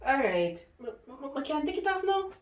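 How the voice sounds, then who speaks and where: A woman's voice: high voice, big pitch swings, moderate pace, distant mic, slight background noise. A woman with a Jamaican accent playing a nervous, unsure woman who is trying out a Texas accent, speaking patois in a comedy web drama. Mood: reluctant. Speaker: woman rehearsing a disguise. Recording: echoey room with faint music.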